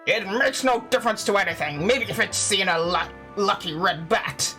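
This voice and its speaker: A woman's voice: medium pitch, normal speed, bright, forceful tone, soft background music, natural voice. A woman voicing a dry, dismissive male deputy commissioner while reading game dialogue aloud on stream.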